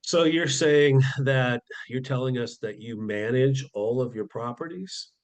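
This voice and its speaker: Man hosting a business interview. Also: mid-range voice. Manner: measured, asks careful questions with fillers. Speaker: podcast host. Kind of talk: interview questions.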